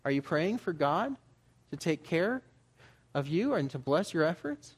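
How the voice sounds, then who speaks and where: A man's voice: fairly high pitch, big pitch swings, unhurried, slightly rough. A man preaching as a pastor, in a conversational style that builds to emphatic urging. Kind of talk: sermon.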